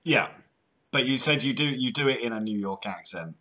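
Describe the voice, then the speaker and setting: A man hosting a call-in radio show, his voice bright and forward. He talks casually and stumbles through quick restarts before settling into a point. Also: mid-range voice, animated. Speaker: host.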